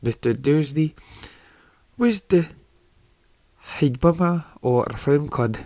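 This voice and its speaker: A man voicing a clumsy mock-Scottish storybook reader in an attempted Scottish accent, stumbling and halting through the text. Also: on the high side, animated, mellow, dry recording, pitched above the performer's own voice. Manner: stumbling, halting reading aloud. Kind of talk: reading a book aloud in a put-on accent.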